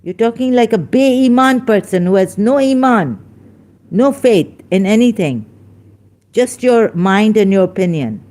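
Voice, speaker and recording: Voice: medium pitch, lively intonation, unhurried, a little mellow. A speaker hosting a heated religious debate, scolding a caller with emphatic rhetorical questions and sounding angry. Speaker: online debate host.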